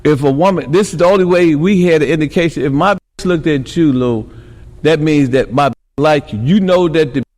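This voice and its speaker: Recorded in a large hall, a podcast guest from Milwaukee, a middle-aged man, rambles through stories in a relaxed interview. His slightly high, slightly mellow voice moves a little fast, and he keeps dropping in "you know what I'm saying."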